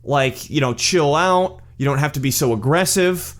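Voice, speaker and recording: Man doing a smug condescending dude, whiny and pleading, pitched up high. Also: normal speed, lightly acted. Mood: whiny mock-innocent.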